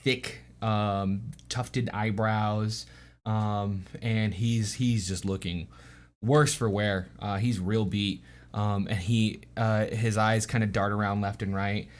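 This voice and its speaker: A man narrates a tabletop game as its game master in a lowish voice. He talks very slowly and stops often to fill gaps with ums and uhs. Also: level tone. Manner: halting, full of ums and uhs.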